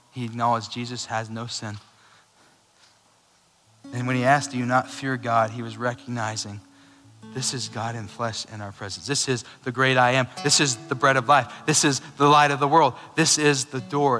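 Male pastor, bright forceful voice, casual animated sermon, hall reverb. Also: medium pitch, moderate pace, soft background music. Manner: casual, animated preaching with asides and laughs.

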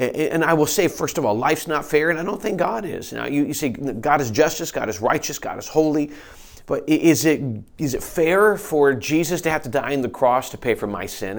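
Earnest man preaching a sermon. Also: medium pitch. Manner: earnest, conversational preaching with frequent restarts. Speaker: pastor. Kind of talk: sermon with scripture reading.

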